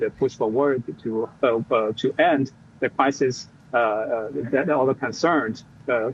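A male Middle East expert giving interview comments, halting, with many fillers and restarts. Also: mid-range voice. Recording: dull lo-fi remote audio, faint noise.

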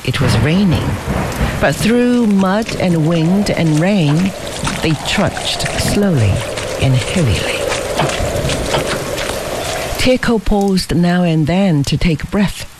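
An audiobook narrator giving a measured, unhurried scripted reading. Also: medium pitch, lively intonation, very noisy.

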